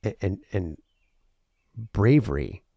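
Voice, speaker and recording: A male podcast host talking alone, earnest and rambling, with a lot of repeated words, going from intense to quiet and emotional. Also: lowish voice, lively intonation, takes it slowly, creaky, dry recording, clean studio sound. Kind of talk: reflective solo podcast monologue.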